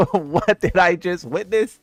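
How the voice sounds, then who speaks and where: A man's voice: sits high, slow, dry recording, soft background music. A man doing casual commentary for his viewers. He sounds incredulous and teasing, and he laughs at what he reads. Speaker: gaming content creator.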